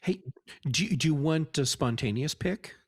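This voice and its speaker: A man co-hosting a tech podcast, talking in a relaxed, rambling way with many fillers. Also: a little high, normal speed, dry recording, clean studio sound. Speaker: podcast co-host. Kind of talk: casual tech podcast chat.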